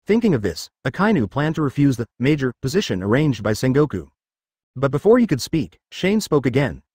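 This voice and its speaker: A man narrates a fan-fiction story in a steady read-aloud manner, his pitch rising and falling in a lively way. The recording is close and dry, with almost no room sound. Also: fairly quick, husky, dry recording. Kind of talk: reading a fanfic audiobook.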